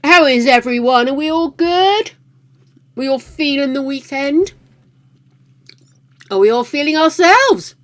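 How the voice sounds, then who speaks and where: A woman's voice: sits high, animated, unhurried, pauses often, fairly bright tone. A woman hosting a livestream, chatting casually with viewers, laughing often and greeting them by name. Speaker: livestream host.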